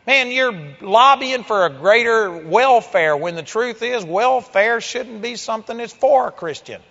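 A male preacher with a high voice delivers a sermon, swinging from hushed passages to loud, driving exhortations. The recording is dull and muffled, with a long echo trailing off the walls of a large church. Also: animated, unhurried, vocal fry. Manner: forceful, emphatic preaching with sudden loud exhortations.

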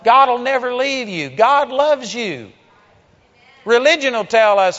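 Man, preacher, high voice, emphatic sermon, muffled sound, long church echo. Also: lively intonation, moderate pace. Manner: forceful, emphatic preaching with sudden loud exhortations.

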